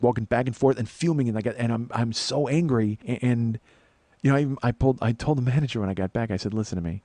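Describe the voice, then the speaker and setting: Fast-talking profane man in his forties. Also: medium pitch, darkish tone, dry recording. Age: 40s. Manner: profane, heated retelling with acted-out quotes. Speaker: podcast host. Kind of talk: casual storytelling monologue.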